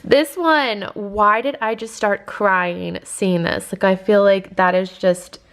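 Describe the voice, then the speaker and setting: A woman's voice: mid-range voice, slow, fairly bright tone, clean tone. A young woman vlogging casually to camera from home, chatty and full of "like" fillers, teary as she talks. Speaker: lifestyle vlogger. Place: at home indoors.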